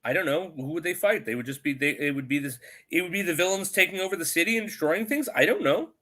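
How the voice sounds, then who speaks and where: A man with a bright, forceful voice that sits a little high tears into a movie with sarcastic, profane jokes. He talks as a podcast co-host in casual review chat. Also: lively intonation, fast.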